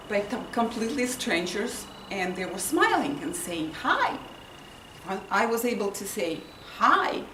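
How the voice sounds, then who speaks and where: Lively woman telling a funny story. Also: a little high. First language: not English. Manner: lively storytelling, acting out her own and others' lines. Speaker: contest speaker. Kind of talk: humorous speech. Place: indoor meeting room with audience. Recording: roomy, distant, with noise and audience laughter.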